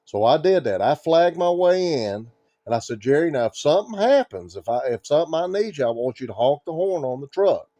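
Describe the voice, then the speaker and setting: Mellow, lively-voiced man chiming in. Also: fairly high pitch, a little fast, no room sound, lo-fi sound. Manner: prompts the story and chimes in with his own details. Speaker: hunting partner. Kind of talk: casual chat.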